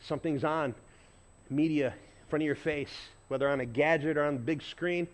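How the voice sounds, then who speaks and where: A pastor preaching a sermon in a conversational way, moving between loud emphasis and quiet intensity. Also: male voice, a little high, fairly even intonation, normal speed. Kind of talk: sermon with storytelling.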